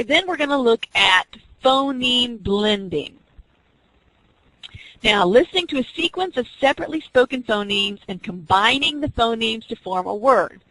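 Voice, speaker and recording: A woman's voice: on the high side, a bit bright, no echo, low-quality recording. A woman teaching an online class, explaining reading skills step by step and acting out teacher and student examples. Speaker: teacher educator.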